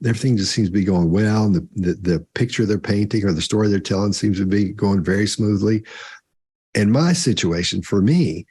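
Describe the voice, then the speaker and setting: A man co-hosting a live Q&A, talking slowly and deliberately with long pauses in the middle of sentences. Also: fairly low pitch, warm tone, breathy edge. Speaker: co-host. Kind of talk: live Q&A talk.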